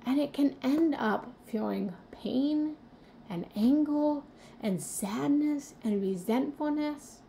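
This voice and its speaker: Earnest woman with a gravelly edge. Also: sits high, slow, dark tone, slight background noise. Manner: earnest, confessional, addresses viewers directly. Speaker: spiritual coach hosting a live stream. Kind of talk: live motivational talk.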